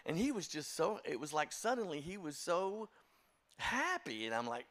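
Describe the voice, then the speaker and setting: A man's voice: fairly high pitch, big pitch swings, moderate pace, fairly bright tone. Older man, music director type, spins folksy self-deprecating church stories. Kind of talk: storytelling talk to a congregation.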